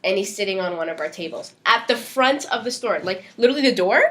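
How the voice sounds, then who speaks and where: A woman's voice: medium pitch, fast. A young woman co-hosting a podcast, telling a work story in casual chat and acting out what people said, laughing as she goes. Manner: animated, acts out quoted dialogue, laughs while telling. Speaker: podcast co-host.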